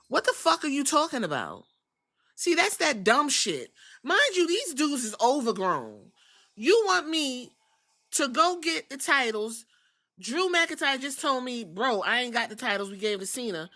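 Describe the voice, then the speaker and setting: A woman's voice: medium pitch, expressive, moderate pace, a bit bright, no echo. A woman hosting a podcast, recapping a story in blunt, profane, incredulous casual commentary. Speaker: podcast host.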